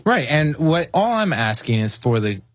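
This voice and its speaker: A man's voice: fairly high pitch, big pitch swings, moderate pace, no echo. A man appearing as a guest on a radio show, speaking in an earnest, indignant way. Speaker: guest activist. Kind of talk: talk radio interview.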